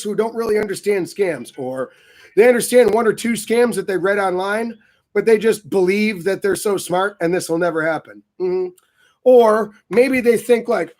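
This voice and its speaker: A man hosting his own vlog, telling a story in a casual, animated and profane way, with a sardonic edge. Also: high-pitched. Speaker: vlog host answering viewer questions.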